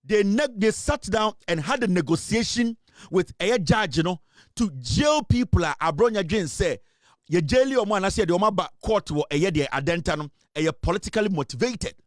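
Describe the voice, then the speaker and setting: A man's voice: high voice, expressive, normal speed, dry recording, clean studio sound. A Ghanaian man giving impassioned political commentary, emphatic and full of fillers as he switches between English and Twi.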